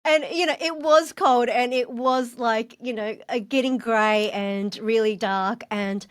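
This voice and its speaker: Animated woman telling a story. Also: fairly high pitch, slow. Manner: animated, laughing, gushing. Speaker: podcast guest. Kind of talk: casual storytelling.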